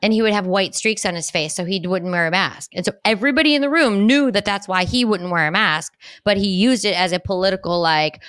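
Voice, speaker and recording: Bright-voiced woman telling animated stories. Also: medium pitch, a little fast, hardly any pauses, clear, resonant tone, dry recording, clean studio sound. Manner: animated storyteller, swears freely, laughs often. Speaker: podcast co-host; mother of a young daughter. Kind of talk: casual chat.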